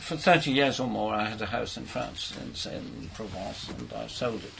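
A man's voice: on the low side, moderate pace, creaky, crowd noise, poor audio. An older man, a poet on a panel, telling anecdotes in a hesitant way and repeating his words. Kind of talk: casual panel discussion.

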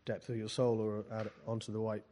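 Halting man leading a poetry workshop. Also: fairly low pitch, monotone, dark tone. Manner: halting, restarts and repeats words, dry wry asides. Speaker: poetry teacher. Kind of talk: workshop talk mixed with reading aloud from his own book.

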